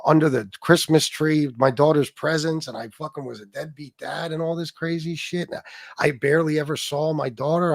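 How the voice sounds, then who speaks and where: A man with a slightly high voice hosts a livestream, ranting angrily and profanely at his critics. He's aggressive and talks directly to chat as he reads it. The sound is studio quality with no echo.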